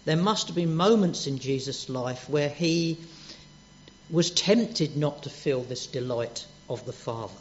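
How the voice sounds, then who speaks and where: A man preaching a sermon, gentle and earnest, dropping soft on quoted words. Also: fairly high pitch, measured pace. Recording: dull lo-fi church recording.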